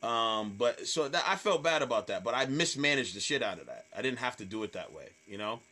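A man, a comedian, telling stage stories in casual chat, swearing freely and acting out hecklers in loud voices. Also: mid-range voice, brisk, a crowd in the background. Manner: animated storyteller, acts out hecklers in loud voices. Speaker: stand-up comedian guest.

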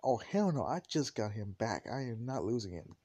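A man's voice: medium pitch, big pitch swings, moderate pace, mellow, husky. A man voicing a brash, joking father figure who defends his son in a storybook fan tale. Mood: protective.

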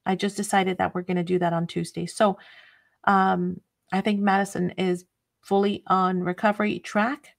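Woman host, casual live craft chat, rambling and friendly-scattered, mid pitch. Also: flat delivery, normal speed, creaky. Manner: chatty and scattered, frequent laughs.

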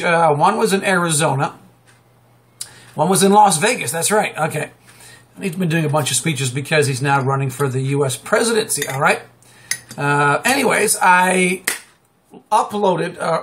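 Male live-stream host, middle-aged, high-pitched, talkative and excitable, restarts his sentences a lot. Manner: excitable, chatty, many fillers and restarts, sudden high exclamations. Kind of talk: rambling political commentary monologue.

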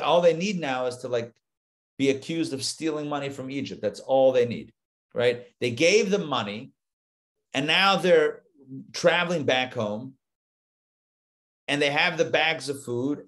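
A man, a rabbi, teaching a live Torah class, retelling the story with lively asides and acted-out lines. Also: medium pitch. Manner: animated storytelling, acts out the biblical lines, chatty asides.

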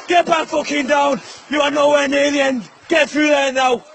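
A man bellows at a recruit as an army corporal, his voice pushed high and hard with swearing through every order. The phone clip is loud with background noise. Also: steady tone, normal speed, vocal fry. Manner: yelling, sweary, harsh. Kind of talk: drill instructor shouting at a recruit.

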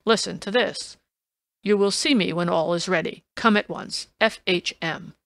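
A woman's voice: fairly low pitch, normal speed, vocal fry, no room sound. Woman doing a blustering police inspector. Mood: insistent. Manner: loud, indignant, insistent. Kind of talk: audiobook reading.

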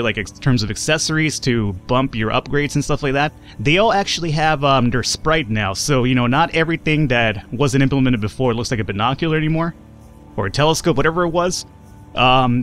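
A man's voice: medium pitch, fairly bright tone. A man hosting a let's play, giving loose, rambling commentary and correcting himself as he goes. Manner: rambling, self-correcting, swears casually. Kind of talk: casual gameplay commentary.

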